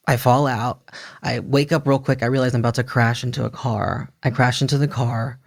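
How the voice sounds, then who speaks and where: A young man telling stories on a podcast in a loose, animated way, full of fillers and acted-out quotes. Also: mid-range voice, fairly quick. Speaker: podcast guest. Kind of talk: casual storytelling about addiction recovery.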